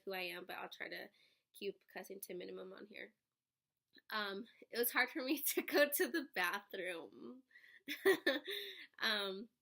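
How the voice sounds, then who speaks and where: A woman's voice: medium pitch, creaky, sharp tone. A young woman vlogging casually about her pregnancy, chatty and rambling, often laughing. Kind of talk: casual pregnancy update vlog.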